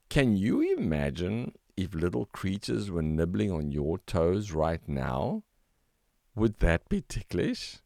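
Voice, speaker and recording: An older man narrating a children's story in a gentle, expressive read-aloud manner. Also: low voice, slow, creaky, dry recording, clean studio sound.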